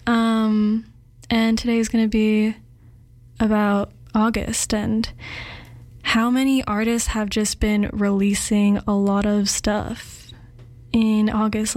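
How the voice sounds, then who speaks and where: A woman's voice: a little high, darkish tone, dry recording. A young woman hosting a campus music radio show, chatting loosely with lots of fillers from a studio. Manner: rambling, loose, with many fillers. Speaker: radio host. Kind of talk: casual music radio chat.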